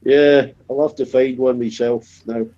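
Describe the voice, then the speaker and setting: An older grandfather type, talking over a dull, lo-fi voice chat mic. His voice is mellow and dark, full of swearing and chuckles. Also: medium pitch, flat delivery, a little slow. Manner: swears a lot and laughs at his own stories. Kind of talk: casual voice chat.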